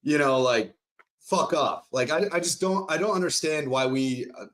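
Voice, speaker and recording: A man's voice: fairly high pitch, normal speed, fairly bright tone. A man ranting profanely in a casual podcast chat. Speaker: podcast co-host.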